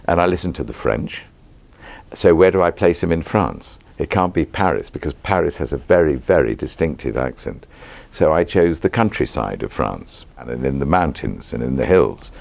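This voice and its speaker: A British actor in his sixties answering interview questions in a measured, reflective way, pausing with ums and restarting phrases. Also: rumbling low, sing-song, gravelly, a little mellow, dry recording. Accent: British English. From Britain.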